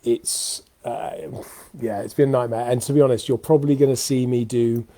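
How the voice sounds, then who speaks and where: A man in his thirties, worn out and talking off the cuff to a live audience from his home. His voice sits at an everyday middle pitch and sounds dry and close, with no room around it. He wanders through thoughts with plenty of ums and restarts. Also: fairly even intonation, moderate pace, mellow, no room sound. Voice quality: tired, rambling with many fillers and restarts. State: exhausted. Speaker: host of a weekly live show. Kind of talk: unscripted live-stream chat. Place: home, indoors. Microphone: webcam or computer mic for a live video.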